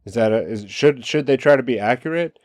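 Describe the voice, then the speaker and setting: A man's voice: medium pitch, brisk, darkish tone, dry recording. A man hosting a solo commentary show, talking casually and posing one rhetorical question after another. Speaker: podcast host.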